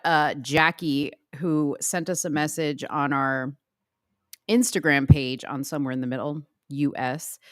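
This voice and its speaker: A woman co-hosting a casual livestream chat show, reacting to videos with loud exclamations and low mutters. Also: no room sound, clean studio sound. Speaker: co-host.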